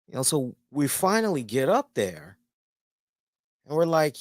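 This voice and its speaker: A man's voice: fairly high pitch, measured pace, pauses often, no room sound, studio quality. A man hosting a casual review show, telling a rambling story with plenty of swearing. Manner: animated, rambling, swears freely. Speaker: host and columnist.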